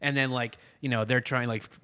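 A man chatting casually about a comic book. He rambles and loops back with fillers, slipping into quick acted quotes of the characters. His pitch sits in an ordinary middle range. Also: steady tone, bright, forceful tone, clear, resonant tone. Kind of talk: casual chat recapping a comic.

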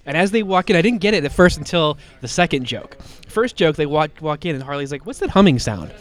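A man's voice: fairly high pitch, fairly quick, fairly bright tone. A man with a slight cold, co-hosting a comic book podcast and retelling a story in casual chat, rambling with lots of fillers and restarts.

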